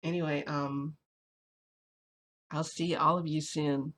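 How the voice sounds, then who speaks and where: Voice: medium pitch, flat delivery, slow, fairly bright tone, a little hiss or hum. A vlogger talking casually to viewers, rambling and confessional, with many fillers and restarts. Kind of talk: casual vlog chat, venting.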